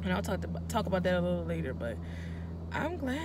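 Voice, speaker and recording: A woman's voice: on the low side, fast talker, heavy background noise. A young woman chatting expressively in a casual video diary while in a car, speaking into a phone camera. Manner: chatty and expressive, swings from quiet to loud and joyful. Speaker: vlogger.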